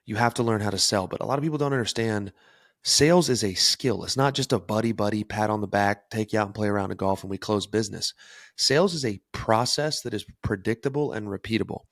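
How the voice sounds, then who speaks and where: A man's voice: fairly low pitch, fast talker, no room sound, studio quality. A young man hosting a solo podcast, talking energetically and emphatically about self-improvement. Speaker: podcast host.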